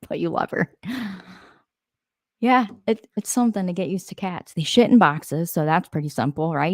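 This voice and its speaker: A woman's voice: lowish voice, darkish tone, no echo, clean studio sound. A woman hosting a casual live stream, talking to viewers, answering their comments and laughing often. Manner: laughs often, rambling asides.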